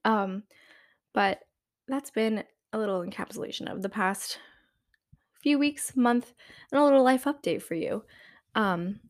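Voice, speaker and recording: A woman's voice: medium pitch, unhurried, long pauses. A young woman in college, talking casually as a podcast host, rambling and chatty and often laughing mid-sentence. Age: young adult. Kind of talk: casual chat.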